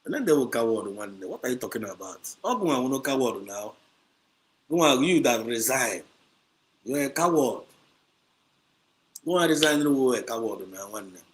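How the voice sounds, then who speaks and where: Nigerian male livestream host, combative, repeats his points, mid-pitched voice. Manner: combative, repetitive, mixes Igbo and Pidgin. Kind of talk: heated livestream commentary. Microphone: streaming setup.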